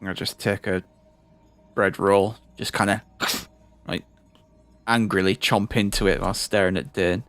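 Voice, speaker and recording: A man's voice: sits low, fairly even intonation, measured pace, long pauses, fairly bright tone. A man playing a tabletop game in an offhand, mumbling way. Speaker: player. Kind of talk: tabletop role-play.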